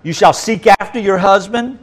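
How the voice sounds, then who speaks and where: A male pastor preaching a sermon, reading scripture aloud with dramatic emphasis and dropping to quiet asides. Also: high voice, normal speed, poor audio.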